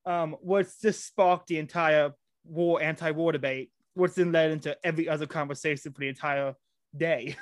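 A man hosts a casual chat, excitable and tripping over his own restarts. His voice sits fairly high for a man. The sound is close and dry, with no room around it. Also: no room sound. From United States. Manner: excitable, quick restarts and stumbles. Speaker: podcast host. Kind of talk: casual conversational interview.

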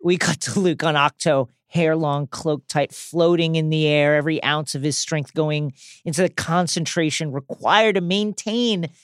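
Excitable man co-hosting a film podcast. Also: a little high, normal speed, clear, resonant tone, no echo, clean studio sound. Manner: excitable, quotes lines in mock voices. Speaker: podcast co-host. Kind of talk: enthusiastic film-recap podcast chat.

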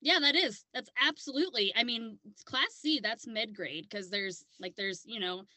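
A woman's voice: fairly high pitch, moderate pace, bright, forceful tone, no echo. A woman from South Dakota co-hosting a podcast, chatting casually in a blunt, profane way and laughing easily. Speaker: podcast co-host. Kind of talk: casual chat.

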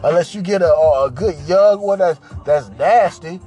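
A man's voice: fairly high pitch, normal speed, mellow, soft background music. Profane boastful man telling a story. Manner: boastful, profane, repeats phrases, drops into singsong. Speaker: podcast host. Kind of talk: crude storytelling chat.

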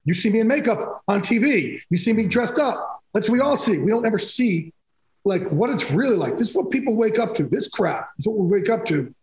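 A man's voice: high-pitched, expressive, brisk, roomy sound, low-quality recording. A man telling personal stories as a podcast guest, emphatic and rambling, restarting sentences often. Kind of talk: candid storytelling in a podcast interview.

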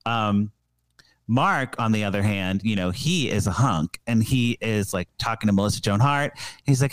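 A man's voice: on the low side, expressive, normal speed, smooth, no echo. A man in casual podcast chat, rambling with many fillers while recapping a movie plot. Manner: rambling, filler-heavy, laughing.

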